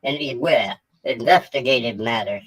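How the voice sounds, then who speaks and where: A man voicing a pompous, bratty male roadside auditor as a comedic parody voice-over, his voice sped up into a chipmunk pitch. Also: a little slow, a bit bright, rough recording. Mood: smug. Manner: whiny, self-important, mocking. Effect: sped-up chipmunk pitch shift.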